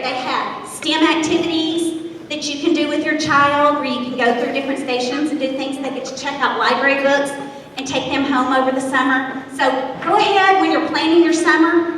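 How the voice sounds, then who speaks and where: A woman's voice: high voice, a bit bright. A woman kindergarten teacher, speaking to parents at a school event and leading children in drills. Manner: upbeat, leading children in call-and-response drills. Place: school gathering space. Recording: echoey hall from far off, faint noise.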